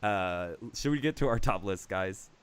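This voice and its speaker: A man's voice: low-pitched, moderate pace, clean tone. A man hosting a casual live-streamed movie talk show, rambling and laughing as he talks. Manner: animated, laughing, rambling with restarts.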